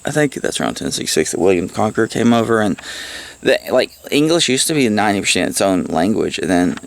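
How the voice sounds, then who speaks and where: A man rambles through a casual book report at home, cursing now and then and cracking himself up. His voice is low and gravelly. He talks with a lively, wandering pitch. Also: fast. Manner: rambling, profane, laughs at own jokes. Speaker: book reviewer. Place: at home, with pets around.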